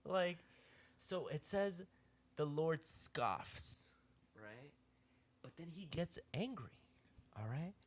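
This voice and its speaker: Slow-talking man leading a Bible chat. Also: on the high side, sing-song. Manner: slow, conversational teaching with frequent "all right?" check-ins. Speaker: youth group leader. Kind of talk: casual Bible discussion.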